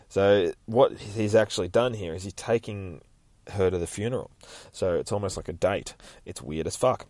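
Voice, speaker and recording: A man's voice: on the low side, normal speed, a little mellow, no echo. A man hosting a casual comic book podcast, retelling a story in a rambling way and swearing freely.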